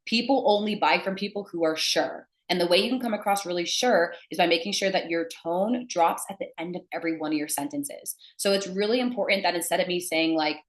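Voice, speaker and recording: A woman's voice: lowish voice, fairly quick, few pauses. Blunt woman sales coach, echoey room. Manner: emphatic, blunt. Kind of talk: teaching to camera.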